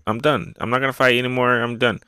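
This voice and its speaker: A man's voice: medium pitch, flat delivery, quick pace, bright, forceful tone, smooth, no echo, natural voice. A man voicing a terrified young woman who pleads for mercy in a raised, frantic voice. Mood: pleading.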